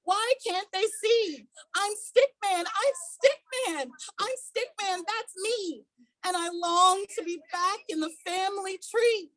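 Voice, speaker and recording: A woman's voice: extremely high pitch, takes it slowly, fairly bright tone, no room sound, pitched above the performer's own voice, full character voice. A woman voicing a plucky male stick figure, lost and longing for home, who repeats his refrain in an earnest, sing-song way. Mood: insistent.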